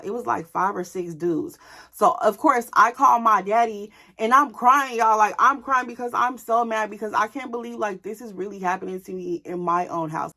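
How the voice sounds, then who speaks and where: A young woman vlogger telling a story in a casual, animated way, candid and profane, speaking straight to her viewers. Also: mid-range voice, moderate pace.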